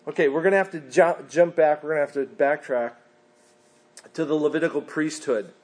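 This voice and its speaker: A man's voice: on the high side, brisk, darkish tone. A man preaching a sermon in an earnest way, sometimes mimicking whiny voices of the people he quotes. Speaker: pastor.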